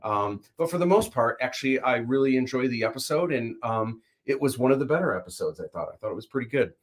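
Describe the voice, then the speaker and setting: A man hosting a relaxed livestream chat, talking at a middling pitch. He rambles through animated opinions, full of fillers and restarts. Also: quick pace. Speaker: livestream host. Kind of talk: casual chat.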